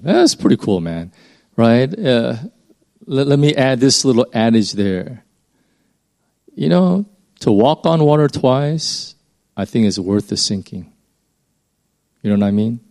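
A man's voice: lowish voice, darkish tone. Man preaching a rambling, conversational sermon. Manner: informal, rambling, emphatic rises.

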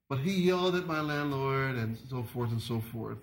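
A man preaching a sermon in an earnest, halting way, often repeating his words. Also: medium pitch, animated. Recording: echoey room.

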